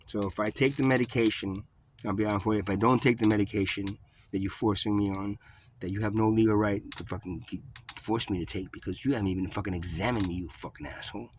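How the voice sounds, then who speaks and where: A man telling a story in a rambling, profane way, with many halting restarts. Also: fairly low pitch, steady tone, a little hiss or hum. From New York. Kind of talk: casual storytelling vlog.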